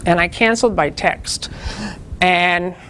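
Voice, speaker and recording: Slow, low-voiced woman giving a spiritual talk. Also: a bit bright, a little hiss or hum. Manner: earnest, teaches through personal stories. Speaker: spiritual teacher leading a group. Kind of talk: informal spiritual talk to a group.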